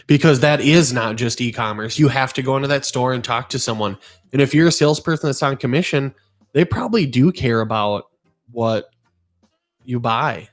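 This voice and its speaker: A middle-aged man hosting a podcast, talking in an earnest, rambling way and telling stories with animation. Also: mid-range voice. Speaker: podcast host. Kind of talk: casual podcast chat.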